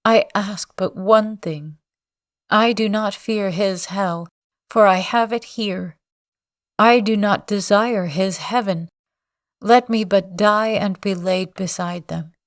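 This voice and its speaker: A woman's voice: mid-range voice, takes it slowly, no room sound, clean studio sound. A woman reading the part of a grief-maddened old man, bitter and raving, in a storybook reading. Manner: anguished, bitter, raving cries.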